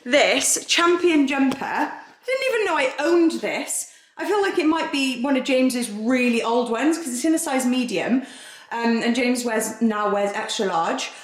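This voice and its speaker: A young pregnant vlogger chats casually to camera as she walks from room to room at home, bubbly and giggly, occasionally short of breath. Her fairly high voice is animated at normal speed, and the house rooms sound echoey.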